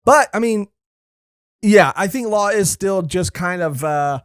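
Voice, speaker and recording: A man's voice: high voice, expressive, measured pace, a bit bright, smooth, no room sound, clean studio sound. A man co-hosting a podcast in a casual chat, enthusiastic and swearing freely. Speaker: podcast co-host. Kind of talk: casual chat about a comic series.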